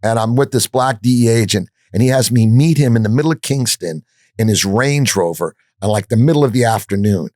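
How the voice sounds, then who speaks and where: A man with a lowish voice tells a gritty story on a podcast. The sound is close and dry, with no room around it. His delivery is blunt, profane and animated, and he keeps restarting his sentences. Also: fairly quick, dry recording. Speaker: podcast guest.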